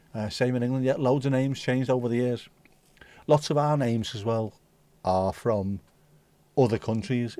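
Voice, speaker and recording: A man's voice: mid-range voice, mellow, no echo. A man hosting a livestream, chatting casually and swearing as he reads out and banters with viewer comments. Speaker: livestream host. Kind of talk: casual chat reading out live chat.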